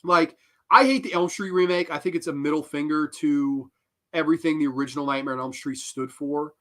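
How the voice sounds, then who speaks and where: A man's voice: fairly high pitch, a little fast, bright, forceful tone. A man hosting a horror film show, tearing into a sequel in a heated, profane, rambling rant with bursts of laughter. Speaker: horror film podcast host. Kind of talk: angry film review rant.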